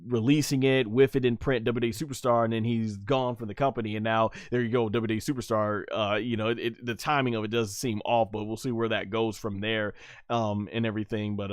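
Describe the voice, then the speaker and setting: A man's voice: fairly low pitch, dry recording, clean studio sound. A man hosting a casual livestream, reading viewer comments and rambling with many fillers. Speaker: livestream host.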